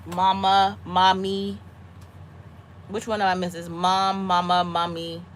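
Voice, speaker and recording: A woman in her thirties or forties, a mother talking casually with a friend, animated and dramatic, breaking into high squeaky voices when she quotes herself. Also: slight background noise. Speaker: homesteading mom chatting with a friend. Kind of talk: casual chat.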